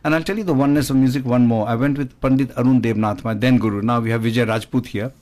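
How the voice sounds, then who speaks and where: Fast-talking man in his sixties, rambling. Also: mid-range voice, steady tone, a little mellow. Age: 60s. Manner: expansive, digressive storyteller who demonstrates with his voice. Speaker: guest musician. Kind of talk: conversational radio chat.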